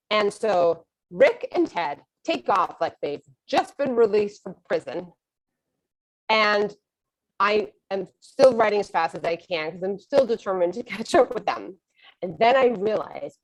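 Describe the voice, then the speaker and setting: Animated woman telling a funny story. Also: medium pitch, normal speed, low-quality recording. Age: middle-aged. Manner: animated, self-mocking, acts out her own thoughts. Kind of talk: personal storytelling.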